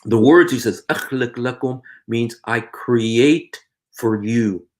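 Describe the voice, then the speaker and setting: A man's voice: medium pitch, unhurried. A man preaching earnestly in a video, pleading with viewers and repeating his phrases over and over. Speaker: Christian preacher and video host. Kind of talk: evangelistic vlog appeal.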